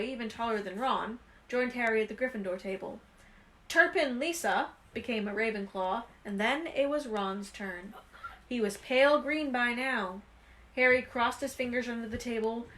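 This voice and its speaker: Expressive woman reading a storybook aloud. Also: on the high side. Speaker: reader. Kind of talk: reading a children's novel aloud.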